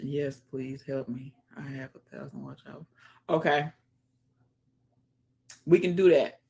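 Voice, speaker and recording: A woman's voice: rumbling low, fairly even intonation, slow pace, vocal fry, darkish tone, slight background noise. A woman hosting a casual livestream, greeting viewers by name and chatting as she reads the comments. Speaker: livestream host.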